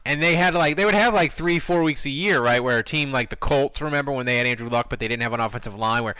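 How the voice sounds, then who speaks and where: A man's voice: medium pitch, fast, few pauses, sharp tone, clear, resonant tone, dry recording, poor audio. A man hosting a sports podcast, chatting casually and telling wry stories. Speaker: podcast host.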